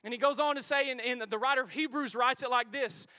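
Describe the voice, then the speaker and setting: A man preaching a sermon to a congregation. He preaches in an energetic, conversational way and calls out to the crowd. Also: very high voice, fast talker, clear, resonant tone, dry recording. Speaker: pastor. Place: church auditorium before a congregation.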